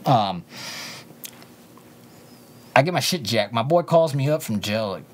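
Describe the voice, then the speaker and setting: A young man with a fairly low voice rambles through a profane story. He drifts from loud outbursts down to quiet mutters, with a faint hiss of noise under the recording. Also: a little slow, long pauses. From Southern California. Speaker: interview guest.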